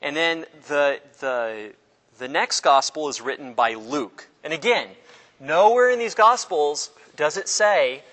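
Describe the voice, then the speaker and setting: Bright-voiced male Bible teacher, echoing hall. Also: a little high, expressive, measured pace. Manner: chatty, joking, acts out voices. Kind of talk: casual classroom lecture.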